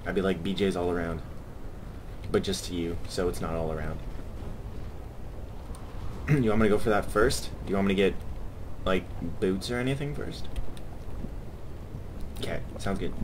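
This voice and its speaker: A young man giving casual gameplay commentary, joking crudely and often clearing his throat. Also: deep voice, moderate pace, long pauses, background noise. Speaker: gamer.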